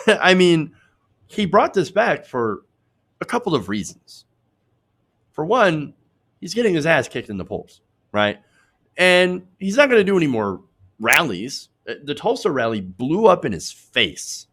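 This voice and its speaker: A man's voice: on the high side, very animated, unhurried, long pauses, a bit bright. A man hosting a political commentary show, reading out posts and mocking them in a sarcastic, chatty way, laughing at his own jokes.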